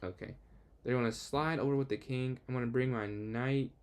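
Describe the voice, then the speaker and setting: A young man streams a chess game, thinking out loud in an easy, conversational way. His pitch sits mid-range for a man, and he drifts between muttered calculations and quick remarks to his viewers. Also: clean tone. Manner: thinks aloud, quick asides to chat; excitable outbursts when the game turns. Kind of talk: casual live game commentary.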